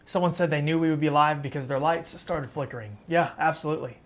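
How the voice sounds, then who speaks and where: A man's voice: a little high, fast. A man from western Arkansas hosting a live weather stream, casually talking straight to viewers and answering chat. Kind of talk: live storm coverage, reading chat.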